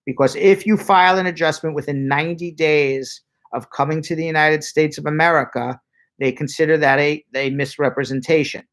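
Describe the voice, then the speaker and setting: A man brisk, chatty lawyer hosting live Q&A. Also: a little high, fairly even intonation, fairly bright tone. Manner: brisk and chatty, spells out phone numbers slowly. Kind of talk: live-stream Q&A, reading viewer questions aloud.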